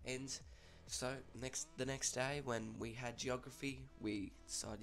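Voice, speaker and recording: A man's voice: medium pitch, fairly even intonation, measured pace, vocal fry, a bit bright. A young man with an Australian accent casually telling a school story, chatty and swearing freely.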